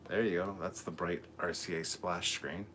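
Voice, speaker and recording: A man's voice: low voice, steady tone, normal speed, noisy background. A man hosting a casual live stream from home, reading chat comments aloud in a rambling, easygoing way with lots of fillers. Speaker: livestream host reading chat. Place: home room with TV. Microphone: camera mic at a distance.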